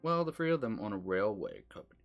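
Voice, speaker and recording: Figure: polite, naive young noblewoman from a video game, read by a man. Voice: low, lively ups and downs. Faint music plays behind. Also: fast talker, highs cut off. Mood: chatty.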